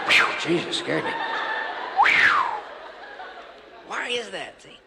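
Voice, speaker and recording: Man, stand-up comedian, rambling storyteller, somewhat high and very lively, reverberant 1984 live theatre recording. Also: a little slow, vocal fry, pauses often, over a noisy crowd, very noisy. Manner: rambling storytelling, acting out scenes. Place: large theatre stage before an audience.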